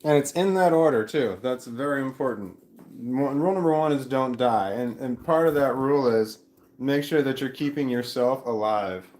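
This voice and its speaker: A man's voice: mid-range voice, moderate pace, darkish tone. A middle-aged man talking to a distant camera at home in a meandering, self-interrupting way, chuckling now and then. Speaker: vlogger. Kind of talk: rambling casual monologue. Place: home room. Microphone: camera mic at a distance. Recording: roomy home recording, faint ambience.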